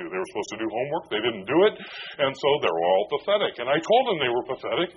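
A man's voice: medium pitch, a bit bright. A man preaching a conversational sermon as a pastor, joking and self-deprecating as he goes. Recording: dull lo-fi with faint noise.

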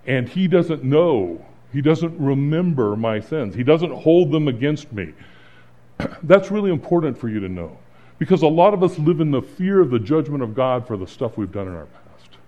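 A middle-aged man preaching as a pastor in an earnest, conversational way, pausing and restarting, then rising to emphatic points. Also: fairly high pitch, big pitch swings. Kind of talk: sermon. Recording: slightly dull, lo-fi sound.

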